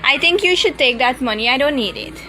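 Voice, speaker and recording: A woman's voice: high-pitched, lively intonation, fairly quick, pushed and bright, slight background noise. A woman on a recorded phone call, skeptical and firm, pressing with questions. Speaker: call recipient.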